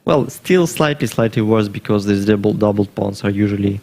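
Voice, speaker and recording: Low gravelly male chess commentator. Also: dark tone. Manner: thinking aloud through variations, measured.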